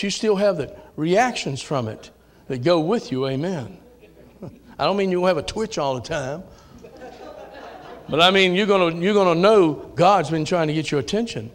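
A man with a Southern US accent preaching a sermon in a church, folksy, dropping to low asides and rising to shouted calls. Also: expressive, normal speed. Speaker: pastor. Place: church sanctuary.

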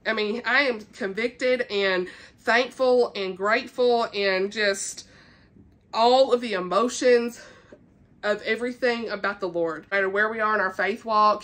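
A woman's voice: mid-range voice, bright, forceful tone. A woman book vlogger chatting casually and enthusiastically about what she is reading. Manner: gushing, enthusiastic, with filler likes. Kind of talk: casual book chat with a read-aloud passage.

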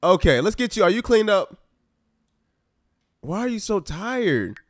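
In a dry, studio-quality recording, a man with a high-sitting voice talks in an unhurried way. As a gaming YouTuber, he offers casual let's-play commentary on a life-simulation game, animated and exasperated, directly addressing his viewers as "y'all."

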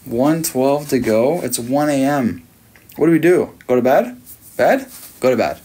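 A man's voice: mid-range voice, lively intonation, unhurried, dark tone, slightly rough. A man in his thirties with an Australian accent, chatting casually and teasing his viewers as he reads their messages on a late-night livestream. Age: 30s. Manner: playful, teasing, reads chat aloud.

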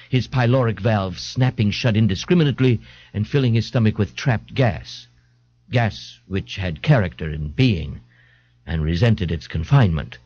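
A man reads an audiobook with a theatrical, expressive delivery, his pitch rising and falling freely. The sound is dry and close, but dull and lo-fi like an old tape. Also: no room sound. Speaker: audiobook narrator. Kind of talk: scripted audiobook narration.

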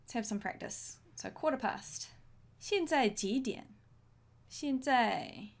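A woman teaching a language lesson, modelling each phrase slowly and clearly for learners to repeat. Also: a little high, lively intonation. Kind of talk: slow, deliberate language lesson.

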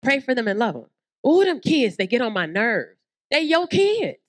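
Southern woman, guest preacher, lively sermon, playful voices, slightly high pitch. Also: normal speed. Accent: Southern American. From American South. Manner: animated, acts out voices, swoops in pitch. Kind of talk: lively sermon at a women's conference.

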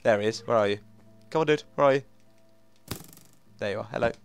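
Stuffy-nosed young male gamer, rambling, excitable let's-play host over faint game music. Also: medium pitch, a little fast. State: blocked nose. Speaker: gaming video host.

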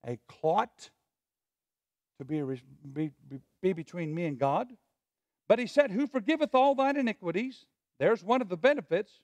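Male pastor, high-pitched and lively, leads a call-and-response sermon, dry close sound. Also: no room sound. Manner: preacher who prompts the congregation to repeat lines; drops to a hushed voice on asides, rises on scripture. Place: church sanctuary.

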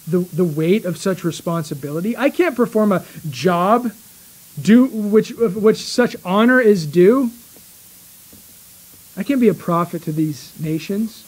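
Guy with a pretty high voice preaching a sermon, earnest, slows way down to hit his points, small church. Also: rough recording. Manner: earnest, slow emphatic delivery with pauses.

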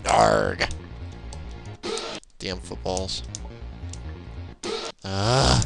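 Excitable young man swearing at a game. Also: fairly high pitch, takes it slowly, pauses often, soft background music. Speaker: let's play gamer. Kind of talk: casual gameplay commentary. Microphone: laptop microphone.

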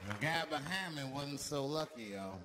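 A man doing stand-up, telling a story and acting out the people in it with shouts and gasps. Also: a little high, animated, normal speed, a crowd in the background, noisy background. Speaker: stand-up comedian. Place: comedy stage before a live audience.

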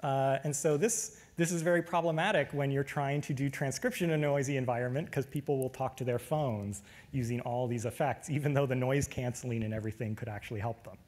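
A man giving a technical lecture, relaxed, with frequent fillers. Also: mid-range voice, fairly quick.

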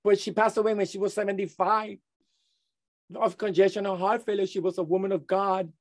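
Middle-aged man, interview guest; halting testimony, lots of restarts. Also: high-pitched, level tone. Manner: halting, many restarts and repeated words.

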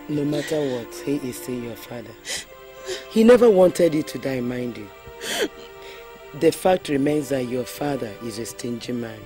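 A patient Nigerian mother who talks very slowly and gently, coaxing her child. Loud film music plays behind her. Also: very deep voice. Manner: soothing, pleading, slow. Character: patient, pleading mother consoling her daughter. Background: loud film score music.

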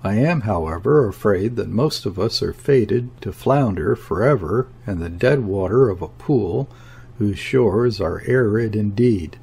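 A man narrating a classic novel as an audiobook, reading in a measured, deliberate way. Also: lowish voice, lively intonation, creaky, a little mellow, husky. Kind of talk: scripted narration.

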